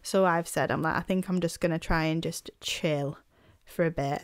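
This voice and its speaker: A woman's voice: low-pitched, fairly even intonation, moderate pace, clear, resonant tone, no room sound, clean studio sound. A woman, co-hosting a podcast in casual, rambling chat full of fillers. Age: 20s. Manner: chatty, rambling, frequent fillers and laughs. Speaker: podcast co-host.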